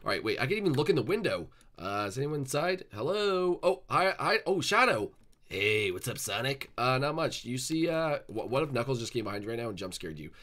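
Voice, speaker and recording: A man narrating and playing the lead in a game roleplay as a gaming video creator, talking in an excitable, rambling way. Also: medium pitch, fairly quick.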